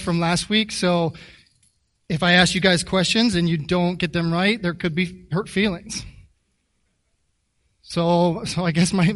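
A man's voice: sits high, a bit bright, distant mic. A man preaching a sermon in a chatty way, often repeating words and asking the congregation questions. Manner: halting, with many repeated words; conversational, asks the audience questions.

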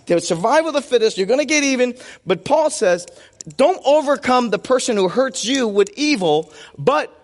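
A man's voice: very high voice, long reverb tail. A man preaching a sermon as pastor in a church, playful and joking with a volunteer on stage.

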